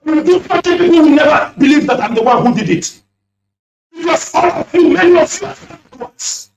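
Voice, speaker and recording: A man calling in to a radio show, speaking fiercely and accusingly with lots of repetition. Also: very high-pitched. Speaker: caller. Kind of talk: impassioned radio call-in speech. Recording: echoey distant lo-fi phone line.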